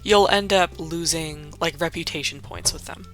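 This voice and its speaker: A young woman hosts a laid-back let's play, her low, fairly bright voice moving at a moderate pace. She rambles and swears through her gaming commentary, full of fillers and "like"s, with faint music behind.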